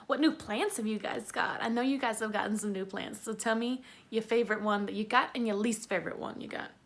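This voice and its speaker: Unboxing plants for her vlog, this young Southern-accented YouTuber from Tennessee chats eagerly in a voice that sits a little high.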